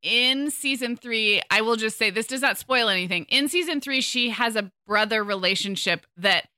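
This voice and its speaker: Bright-voiced gushing woman co-host. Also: on the high side, smooth, no room sound, clean studio sound. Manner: enthusiastic, gushing, quick asides. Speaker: podcast co-host. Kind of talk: casual chat.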